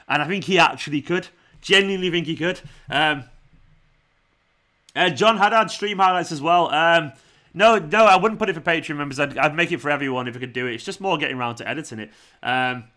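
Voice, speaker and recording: A man's voice: fairly high pitch, pushed and bright. A young man hosting a football watchalong stream, chatting casually, laughing and reading out viewer comments. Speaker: fan channel host. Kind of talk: live watchalong chat.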